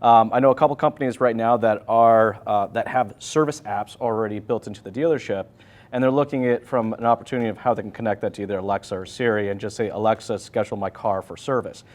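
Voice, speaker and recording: A man's voice: fairly low pitch, fairly even intonation, fast, darkish tone. Casual, enthusiastic man hosting. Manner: casual, swears freely, enthusiastic. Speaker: host. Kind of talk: casual conference chat. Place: conference venue.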